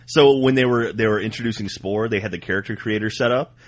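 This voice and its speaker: A man co-hosting a podcast who chats casually with quick, expressive banter. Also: lowish voice. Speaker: podcast co-host. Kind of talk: casual chat.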